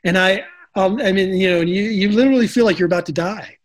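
A man's voice: high-pitched, fast talker. A middle-aged man, an actor, telling stories in a casual interview, chatty with lots of restarts and fillers. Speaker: actor, guest.

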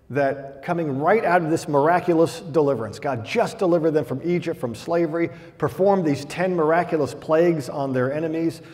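A man's voice: a little high, a little mellow, long reverb tail. A male pastor delivering a conversational, humorous sermon, reading Bible passages aloud between jokes.

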